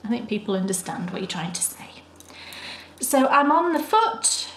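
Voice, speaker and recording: A British woman co-hosting a knitting podcast, chatting and gushing warmly over her projects. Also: fairly high pitch, big pitch swings, moderate pace, a little hiss or hum. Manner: chatty and enthusiastic, gushing praise. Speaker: podcast co-host. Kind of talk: casual chat. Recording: roomy echo.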